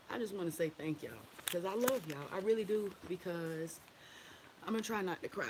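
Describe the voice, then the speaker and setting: A woman's voice: fairly low pitch, slight background noise. A woman leading a women's wellness group on a casual livestream, blunt and profane, candid and affectionate, and laughing often.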